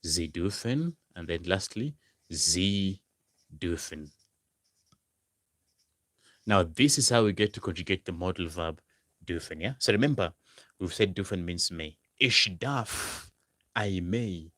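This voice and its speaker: A man teaching a language lesson, repeating example phrases slowly and stressing each word. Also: low voice, lively intonation, fairly bright tone, no echo, studio quality. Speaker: German language tutor. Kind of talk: slow, repetitive language lesson.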